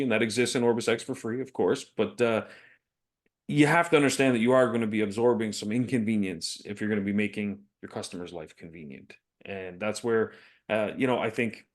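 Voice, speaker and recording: A man co-hosting a business podcast, talking casually, telling stories and laughing often. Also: mid-range voice. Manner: chatty, laughs often, storytelling. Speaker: podcast co-host.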